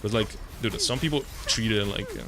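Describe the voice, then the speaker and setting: A man's voice: on the low side, brisk. A man streaming a game, chatting casually to his viewers, swearing often and ranting with lots of fillers. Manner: talks to chat while playing. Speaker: gaming streamer. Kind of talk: casual live-stream commentary.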